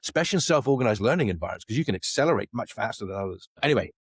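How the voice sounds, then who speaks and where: Animated storyteller man, fast and low. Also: breathy edge, no room sound, clean studio sound. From Isle of Man. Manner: animated storyteller, acts out quoted dialogue. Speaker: guest, space company CEO. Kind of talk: podcast interview.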